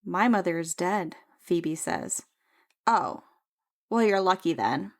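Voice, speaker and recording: A young woman co-hosting a book club podcast, chatting casually and retelling scenes with animated, playful energy. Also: fairly low pitch, takes it slowly.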